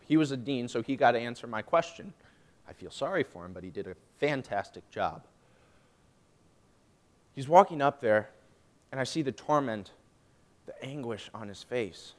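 A young man giving a personal faith testimony, emotional and swinging from hushed, drawn-out phrases to loud, emphatic ones. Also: medium pitch, lively intonation. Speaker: student speaker giving testimony.

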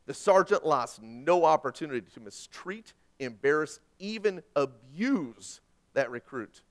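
A man with a notably high voice delivers a sermon. He preaches dramatically, dropping low and soft, then rising loud on questions and quoted lines. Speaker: pastor.

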